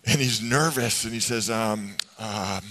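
A man's voice: on the low side, unhurried, bright, forceful tone. A middle-aged male pastor preaching a sermon to his congregation, telling stories with humor and asking the people questions. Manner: conversational storytelling with humor, asks the congregation questions. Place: church sanctuary with congregation. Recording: long hall reverb.

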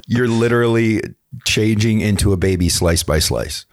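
Wry man in his late thirties, low voice. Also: moderate pace, no room sound. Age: 30s. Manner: wry, laughs easily, quotes himself in voices. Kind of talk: casual chat.

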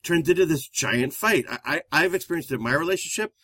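A man's voice: fairly high pitch, expressive, fast, sharp tone, breathy edge, no echo. A man co-hosting a relationship advice talk, a therapist who explains things steadily and speaks straight to the listeners. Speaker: therapist and co-host. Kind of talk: conversational relationship advice show.

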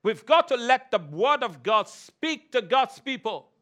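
A man's voice: very high voice, very animated, measured pace, bright, forceful tone. A man preaching a sermon as pastor, emphatic, calling for responses from the congregation and repeating key phrases for emphasis.

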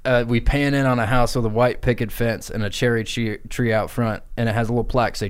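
A man's voice: mid-range voice, fairly even intonation, quick pace, few pauses, smooth. Crude rambling comedy podcaster, man. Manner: rambling, crude, giggling asides. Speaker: podcast co-host. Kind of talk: improvised comedy storytelling.

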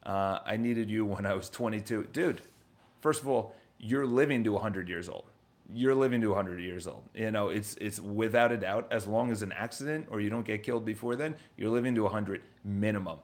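A man in his thirties tells stories in a casual, animated motivational monologue. He swears now and then, restarts his sentences and repeats words as he goes. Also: on the low side, a little fast. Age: 30s.

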